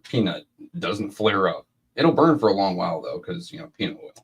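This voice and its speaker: A man's voice: deep voice, expressive, brisk, slightly rough. A man co-hosting a casual live-stream chat, talking bluntly and swearing a lot. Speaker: co-host.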